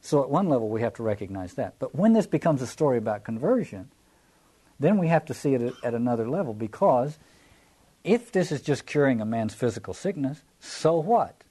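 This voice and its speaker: A man's voice: mid-range voice, sing-song, a little fast, mellow, breathy edge. A man teaching a Bible passage in a reflective lecture, often restarting phrases and repeating words as he explains.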